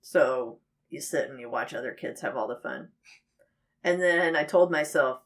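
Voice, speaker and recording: A woman in her late thirties co-hosting a casual podcast chat, an animated storyteller who acts out the people she quotes. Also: rumbling low, moderate pace. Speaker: podcast co-host.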